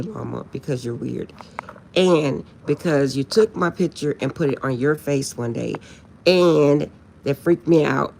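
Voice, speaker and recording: Gravelly-voiced woman on a late night live stream, laughing a lot, keeps going "i'm serious", little hiss behind. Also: extremely low pitch.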